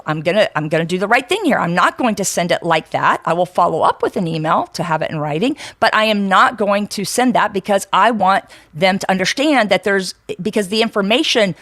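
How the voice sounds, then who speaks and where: A woman's voice: medium pitch, lively intonation, a little fast, few pauses, fairly bright tone, no echo, studio quality. A woman co-hosting a podcast in casual, frank talk, chatty and full of fillers and restarts. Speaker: podcast co-host.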